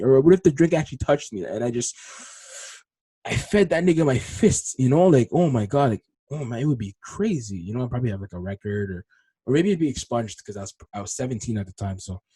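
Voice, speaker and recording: A young man hosts a solo podcast and tells a story in rapid, slangy, rambling talk. His voice has a husky edge. It swings between low mutters and loud, animated bursts, recorded close on a dry, deadened mic. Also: dry recording. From Congolese heritage. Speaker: podcast host.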